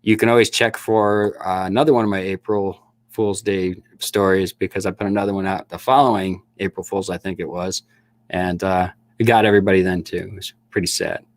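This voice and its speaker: A middle-aged man from Michigan's Upper Peninsula, a livestream host and snake breeder, chats casually with his viewers. His deep voice is steady and brisk with no echo, and he laughs often and restarts his sentences.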